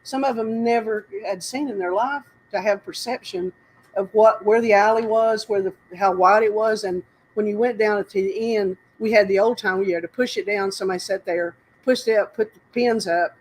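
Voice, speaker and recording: A woman's voice: mid-range voice, moderate pace, darkish tone, poor audio. Older woman telling rambling stories. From North Carolina. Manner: rambling, laughs often, self-interrupting. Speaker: interview guest. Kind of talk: casual storytelling.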